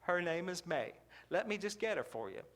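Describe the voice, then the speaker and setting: Guy doing a chatty southern lady luring folks into her diner, low soft drawl. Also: big pitch swings, normal speed. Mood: proud. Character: cheerful southern woman greeting restaurant diners.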